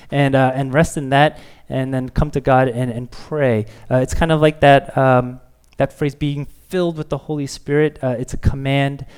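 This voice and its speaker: A man's voice: medium pitch, darkish tone, clear, resonant tone. Candid, easygoing male pastor preaching. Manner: candid and self-deprecating, with playful acted quotes. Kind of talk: sermon.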